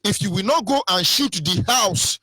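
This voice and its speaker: A man with a Nigerian English accent, giving an impassioned political radio monologue, chanting lines over and over and swinging between shouting and mock whispers. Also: high-pitched, lively intonation, moderate pace, slightly rough, dry recording. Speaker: radio presenter.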